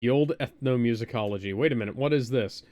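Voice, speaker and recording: A man's voice: medium pitch, quick pace, a little mellow, no echo. A man streaming an old adventure game, reading its narration aloud and adding wry, laid-back comments into a close microphone at home. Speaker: let's play streamer.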